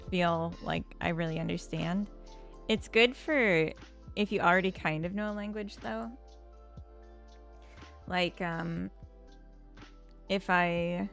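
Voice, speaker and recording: Slow, gravelly-voiced woman streamer. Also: on the low side, fairly bright tone. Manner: unhurried, chats with viewers and reads their comments. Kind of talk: casual chat while coding on stream.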